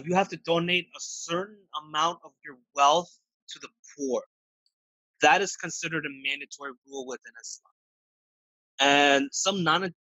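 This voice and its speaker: Guy answering interview questions, bright voice kinda high, stops and restarts a lot, dry close sound. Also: dry recording, rough recording. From United States. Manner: halting, many restarts and fillers. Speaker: interview guest.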